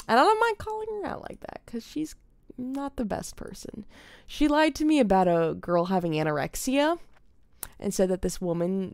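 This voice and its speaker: Young woman game streamer, casual storytelling, gravelly voice, lively pitch, dry close sound. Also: no echo. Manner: animated, drops to a whisper when quoting a child. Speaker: streamer and theater teacher. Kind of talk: casual storytelling while gaming. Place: home streaming setup.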